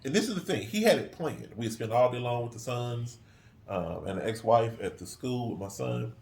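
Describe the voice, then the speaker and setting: A middle-aged man casually telling a story, acting out quoted voices in an animated way. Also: medium pitch, normal speed, gravelly. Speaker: co-host.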